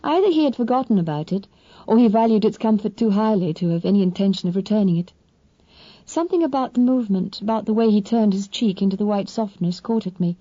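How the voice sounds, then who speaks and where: A woman reading a novel aloud in measured, expressive first-person narration. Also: medium pitch, no room sound, dull audio. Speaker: audiobook narrator.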